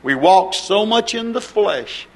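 A man preaching a fervent sermon, his voice rising to loud cries and dropping to hushed, low passages. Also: expressive, takes it slowly.

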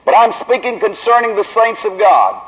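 A man with a Southern accent preaching at a tent revival, drawing his words out slowly and then rising to loud emphasis. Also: sits high, expressive. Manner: slow, drawn-out delivery that builds to raised emphasis. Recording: dull lo-fi old recording.

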